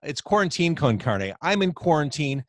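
A man's voice: a little high, sing-song, moderate pace. A male podcast host runs a live video chat from home. His voice swings up and down as he jokes and teases his guest. The audio is dry and close, with no room echo. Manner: upbeat, joking, teasing. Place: home, indoors. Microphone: video call.

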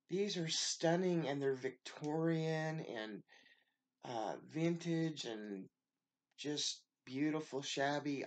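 A woman's voice: low-pitched, darkish tone. A woman from the United States, a craft vlogger, opening a package in a casual show-and-tell and gushing with thanks over every piece.

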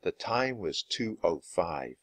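A man reading a children's book aloud, with expressive, lively narration. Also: sits low, takes it slowly, no echo. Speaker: storyteller.

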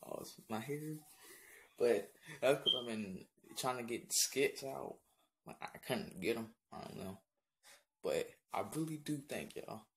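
A man vlogging straight to the camera in loose, slangy talk that wanders and fills its gaps with "like" and "um". His voice has a gravelly, fry-edged texture, and his pitch swings around a lot. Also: animated, unhurried, a little hiss or hum. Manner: slangy, rambling, many fillers. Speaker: YouTube channel host. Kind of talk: casual vlog chat to the camera.

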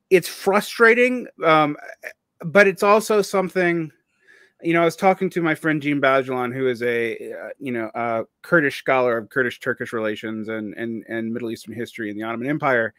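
A man's voice: medium pitch, moderate pace, fairly bright tone, dry recording, studio quality. A man with a Southern US accent hosting an interview, talking casually and rambling with fillers and restarts. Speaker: podcast host.

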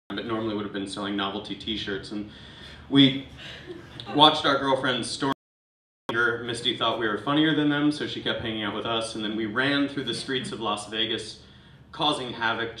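A man's voice: mid-range voice, pushed and bright. Man, stand-up comic, casual swearing storyteller, distant mic, roomy echo, faint hiss. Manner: casual, rambling, swears freely. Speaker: comedian and host. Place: small venue with live audience. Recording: echoey room from far off, faint noise.

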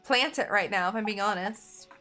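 A woman's voice: medium pitch, moderate pace, pushed and bright, faint music behind. A young woman casually talking through a game as she plays, thinking aloud and chatting to viewers. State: has the hiccups. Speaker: gaming channel host. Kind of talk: casual gameplay commentary.

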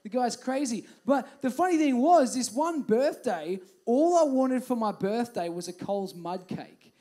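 A man's voice: very high-pitched, lively intonation, unhurried, warm tone. A young man with an Australian accent giving a chatty, storytelling youth group talk as youth pastor in a youth hall.

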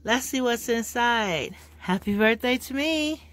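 Slow-talking excited woman vlogger. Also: fairly high pitch, noisy background. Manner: gushing, excited, repeats exclamations. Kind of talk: casual storytime vlog. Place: at home. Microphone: phone camera held in one hand.

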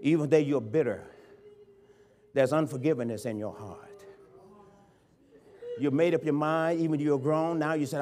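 A man with a notably high voice preaches a sermon in a church. He is fervent and dynamic, sinking to quiet pleading and then surging to full-voiced cries as a bishop. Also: moderate pace, pauses often. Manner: impassioned preaching that swings from hushed to shouting. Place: church sanctuary.

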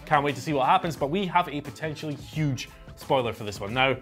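A croaky man co-hosts wrestling news, his voice a touch high and his jokes dry and sarcastic. Faint music sits behind him. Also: quick pace, a bit bright. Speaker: news show co-host. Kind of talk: casual chat.

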